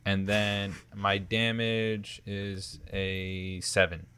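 A man's voice: lowish voice, little pitch movement, drawn-out words, pushed and bright, clear, resonant tone. A man playing a tabletop game, joking and giggling often. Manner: giggly, playful. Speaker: player. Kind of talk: casual play at a tabletop game.

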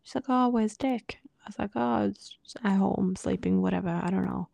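A woman with a deeply gravelly, husky voice and a mellow, dark tone tells a personal story on a podcast. She talks casually, often sinking to a breathy near-whisper and quoting others' words as dialogue. The sound is dry and close. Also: steady tone, fairly quick, no room sound. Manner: quotes others in dialogue with many fillers. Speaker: podcast co-host.

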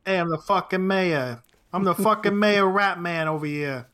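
Guy doing a foul-mouthed rat man mayor, cocky street-tough swagger, kinda higher voice. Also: measured pace, close to an everyday voice. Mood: boastful. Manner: swaggering mock-Boston street talk, swearing.

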